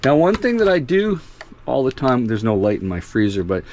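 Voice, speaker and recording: A man's voice: mid-range voice, big pitch swings, normal speed, a little mellow, a little hiss or hum. A man in a chatty, self-mocking vlog, walking viewers through his motorhome and laughing often. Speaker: RV vlogger. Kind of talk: casual vlog walkthrough. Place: inside a motorhome.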